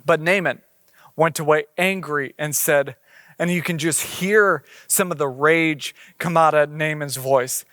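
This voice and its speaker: A man's voice: fairly high pitch, a little slow, fairly bright tone, no room sound, clean studio sound. A man preaching a sermon in a conversational way, reading scripture aloud and explaining it. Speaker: pastor.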